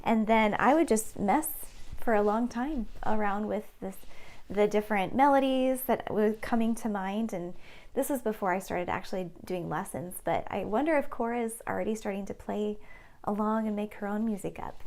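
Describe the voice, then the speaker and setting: A woman's voice: fairly high pitch, animated, normal speed, darkish tone. A woman hosting a casual live stream from her piano studio, chatting with viewers and reading their comments aloud. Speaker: host.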